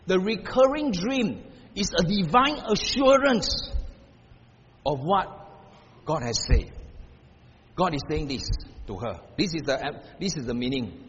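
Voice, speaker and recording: An older man preaching a sermon as pastor, shifting from hushed passages to loud, emphatic repeated questions. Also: high voice, a little hiss or hum. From Singapore. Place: church hall. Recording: muffled sound in a reverberant hall.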